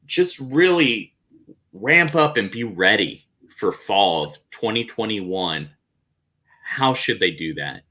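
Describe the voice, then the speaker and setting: A man's voice: fairly low pitch, pushed and bright. A man hosting an educator podcast, asking questions in a friendly, encouraging way. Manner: friendly, encouraging interviewer, slow and easygoing. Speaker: podcast host. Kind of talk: casual interview chat.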